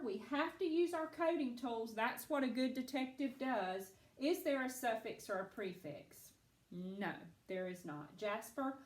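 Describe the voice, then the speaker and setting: Slow, patient woman teaching phonics. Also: fairly high pitch, echoey room. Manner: patient, encouraging, slow and clear. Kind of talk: phonics lesson to children.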